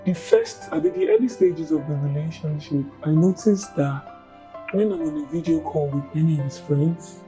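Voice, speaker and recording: Chatty Nigerian woman with a mellow low voice. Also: normal speed, soft background music, low-quality recording. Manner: chatty and animated, repeats words, mixes in Yoruba and pidgin phrases. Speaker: storyteller recounting her own relationship. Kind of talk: candid personal testimony, casual storytelling.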